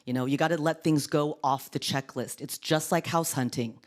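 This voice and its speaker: A woman in her thirties from Orange County doing stand-up on a TV studio stage, with a deep, sultry voice and deadpan, self-mocking delivery. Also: moderate pace. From Orange County, California. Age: 30s. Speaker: comedian. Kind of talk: stand-up comedy. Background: studio audience laughter.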